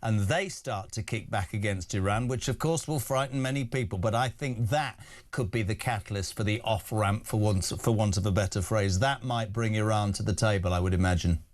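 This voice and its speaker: A man's voice: on the low side, fairly quick, few pauses. A man hosting a talk radio breakfast show, ranting in an indignant, emphatic way.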